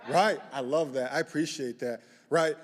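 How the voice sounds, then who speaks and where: A young man giving a lively lightning talk, joking with the audience and pushing them into call-and-response. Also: medium pitch, normal speed. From southeast side of Chicago. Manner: playful, rallying crowd call-and-response. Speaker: community organizer speaker. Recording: reverberant hall, live talk.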